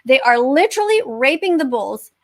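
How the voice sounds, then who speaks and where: High-voiced emphatic woman host. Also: very animated, moderate pace. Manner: emphatic, repeats herself, moralizing. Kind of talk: livestream chat.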